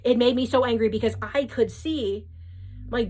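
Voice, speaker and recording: A woman's voice: on the high side, moderate pace, mellow, slightly rough. A woman casually giving spiritual relationship advice to her viewers, emphatic and chatty, often checking in with "right?". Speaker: spiritual reader and coach.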